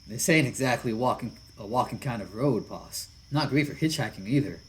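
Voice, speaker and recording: Man playing a lanky marten biker, gruff, curt, distrustful, clipped. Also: mid-range voice, animated, moderate pace, a little hiss or hum, natural voice. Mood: wary. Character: short lanky skeptical male pine marten biker.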